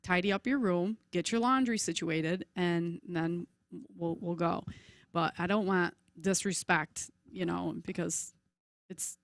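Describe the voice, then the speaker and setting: A woman's voice: lowish voice, unhurried, dry recording. A woman in her forties chats as a podcast guest. She tells stories with energy and acts out little voices as she goes. The sound is close and dry. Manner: chatty, animated storyteller, acts out voices. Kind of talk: casual chat.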